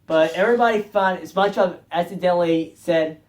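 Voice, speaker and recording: A man's voice: high-pitched, a little fast. A man talking casually on his video channel, rambling, correcting himself often and chuckling as he goes. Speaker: music video vlogger.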